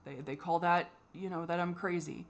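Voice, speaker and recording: A woman giving a candid personal monologue for her vlog, halting and frustrated, with many restarts and fillers and the odd swear. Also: on the low side, fairly even intonation, dull audio. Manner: swears when exasperated. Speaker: vlogger.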